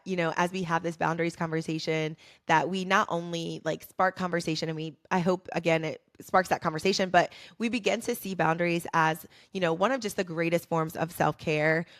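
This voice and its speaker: Gravelly-voiced woman giving earnest encouragement. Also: fairly low pitch, a bit bright. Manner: earnest and encouraging, repeating key phrases for emphasis. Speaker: podcast host. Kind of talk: faith-based motivational podcast monologue.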